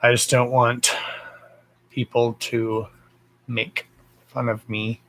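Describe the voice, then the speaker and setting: A man's voice: mid-range voice, flat delivery, takes it slowly, fairly bright tone, poor audio. A man with a Texan accent hosting a casual live stream, chatting freely, greeting viewers with endearments and swearing offhandedly. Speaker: psychic live-stream host.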